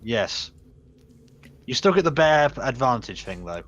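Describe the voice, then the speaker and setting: A man's voice: medium pitch, big pitch swings, a little slow, fairly bright tone, muffled recording. A young man running a tabletop game as game master, describing scenes casually with frequent restarts.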